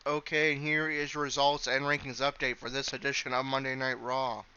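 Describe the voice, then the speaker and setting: A man's voice: medium pitch, fairly quick, lo-fi sound, over loud music. A man calling play-by-play for a wrestling match and then reading out results and rankings as the show's host. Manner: steady announcer delivery, reads lists of names. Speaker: wrestling commentator and show host. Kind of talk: play-by-play commentary and results rundown.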